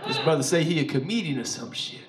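High, lively stand-up comic in a club. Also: male voice, fast talker, heavy background noise. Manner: loose, profane, playful crowd work. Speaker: stand-up comedian. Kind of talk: stand-up comedy set. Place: comedy club stage. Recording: roomy live club sound.

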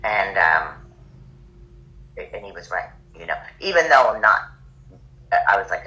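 A middle-aged woman telling a personal story as a podcast guest, lively and acting out the lines of other people. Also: extremely low pitch, measured pace, long pauses, poor audio. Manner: animated, acts out quoted dialogue. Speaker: podcast guest, yoga teacher. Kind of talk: casual conversational storytelling.

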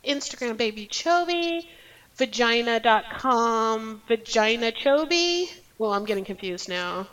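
A woman's voice: fairly high pitch, lively intonation, a little slow, fairly bright tone, rough recording. A woman co-hosting a casual gossip podcast, reacting with disbelief and frequent laughter. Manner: incredulous, laughs often. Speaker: podcast co-host.

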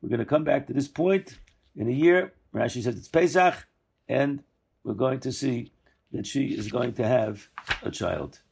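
Gravelly-voiced man teaching Torah. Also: medium pitch, animated, measured pace, a little mellow. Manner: discursive, self-correcting, acts out quoted lines. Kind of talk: weekly Torah lesson.

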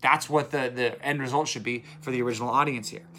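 A man's voice: mid-range voice, fairly even intonation, quick pace, sharp tone, a little hiss or hum. Man chatting through a Bible reading. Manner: conversational, retells stories in plain modern speech; checks in with listeners, repeats for emphasis. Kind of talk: casual daily Bible commentary.

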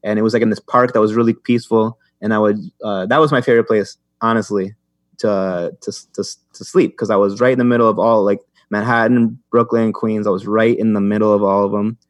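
A man's voice: fairly low pitch, level tone, a little fast, no room sound. A young man telling stories in a rambling way as a podcast guest, with many restarts and fillers. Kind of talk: casual chat.

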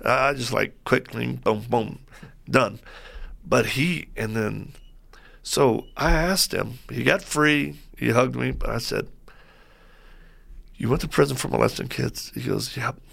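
A man as a guest on a faith talk show, telling stories in a lively way and acting out what people said. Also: medium pitch, measured pace, creaky. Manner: lively storyteller who acts out quoted voices.

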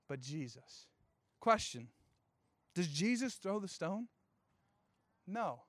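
A young man preaching a sermon, telling a story with animated, playful asides and casual slang. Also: very high-pitched, no room sound, studio quality. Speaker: youth pastor.

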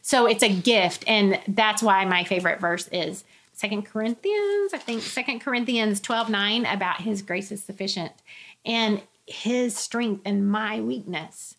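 A middle-aged woman telling her personal story in conversation. She speaks candidly and earnestly, and she quotes other people in lively voices. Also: medium pitch, unhurried. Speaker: guest sharing her testimony.

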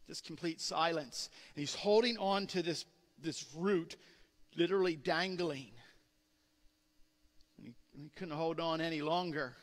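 A man's voice: a little high, a little slow. A man preaching a sermon as pastor, telling a story earnestly with many restarts. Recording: long hall reverb.

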